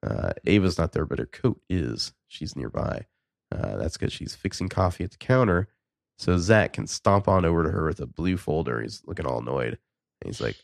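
A man with a very deep, gravelly voice co-hosts a casual podcast recap. He rambles through his points with restarts and fillers. The sound is dry and close. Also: very animated, moderate pace, no echo. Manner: rambling, many likes and restarts. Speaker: podcast co-host recapping a TV show. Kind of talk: casual chat and reading out scenes.

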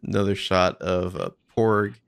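A man's voice: low-pitched, fairly even intonation, a little slow, vocal fry, smooth, no room sound, studio quality. A man casually commenting on behind-the-scenes footage, swearing freely and thinking aloud.

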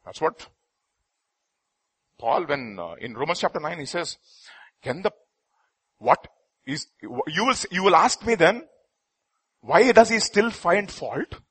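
A man preaches with a high, bright and husky voice that leaps and falls across a wide range. He swings from hushed asides to loud pleading cries. He slows right down to press home key lines. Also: sing-song. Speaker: pastor. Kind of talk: sermon.

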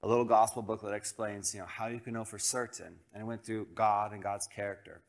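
A man who grew up in Colorado, a pastor preaching a sermon through a lively, self-deprecating personal story, acting out the voices of the people in it. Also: lowish voice, a little fast. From Colorado, United States. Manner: animated, self-deprecating, acts out quoted voices.

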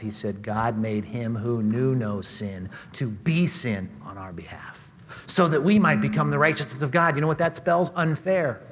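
Male preacher, fairly high voice, big hall reverb; builds to fervent peaks, then drops to near-whispers. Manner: dynamic preaching, swings from loud emphasis to hushed near-whispers. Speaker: pastor. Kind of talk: sermon.

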